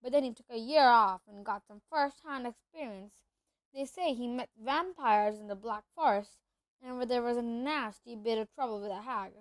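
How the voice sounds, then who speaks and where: A woman reading aloud, voicing a big, friendly giant of a man with rough, folksy speech. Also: a little high, normal speed, dry recording, natural voice. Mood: chatty.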